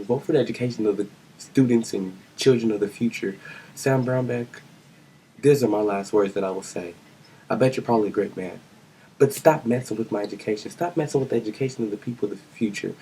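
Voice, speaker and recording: A man's voice: fairly low pitch, warm tone, a little hiss or hum, rough recording. A young man from Kansas delivering a rambling, scolding political rant in a home vlog. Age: young adult. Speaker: vlogger.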